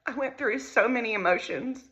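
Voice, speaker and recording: A mother recounting a painful family crisis in a halting, emotional way. She often repeats her phrases as she tells the story. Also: a little high, a bit bright, highs cut off. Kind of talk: personal storytelling to camera.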